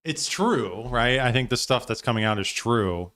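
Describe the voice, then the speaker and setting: A man's voice: mid-range voice, expressive, normal speed, a bit bright. A man hosting a live stream, giving loose, profane reaction commentary with frequent laughs.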